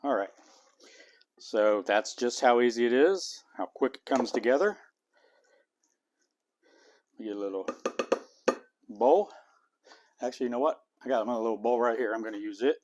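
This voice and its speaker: A man's voice: mid-range voice, moderate pace, pauses often, darkish tone, dull audio, slight background noise. A man hosting a home cooking video, chatting casually and tasting as he goes. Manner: homey, chatty, talks while eating. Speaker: cooking channel host.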